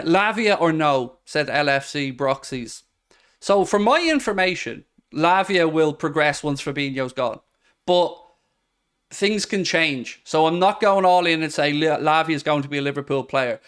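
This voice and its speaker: Male streamer, 30s, candid and self-mocking, clean smooth tone, reads out viewer comments. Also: a little high, fairly bright tone. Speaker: football podcast host. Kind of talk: live-stream chat reading viewer comments.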